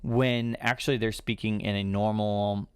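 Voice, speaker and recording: A man's voice: fairly low pitch, little pitch movement, moderate pace, clear, resonant tone, no echo, studio quality. A man, hosting a casual live-stream Q&A and rambling with lots of fillers. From United States. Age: 30s. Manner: rambling, chatty, many fillers and restarts.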